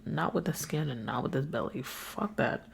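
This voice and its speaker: A woman's voice: rumbling low, normal speed, gravelly, slightly rough. A young woman hosting a solo podcast, sick and worn out, talking frankly and with plenty of swearing. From New York. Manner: weary, frank and profane. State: sick, congested. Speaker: podcast host. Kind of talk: casual solo podcast venting.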